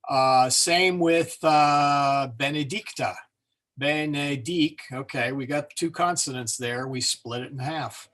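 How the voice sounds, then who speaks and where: A man's voice: mid-range voice, a little slow, few pauses, a bit bright. A man teaching an informal class on Latin pronunciation, talking loosely with many fillers and restarts. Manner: hesitant, many fillers and self-corrections.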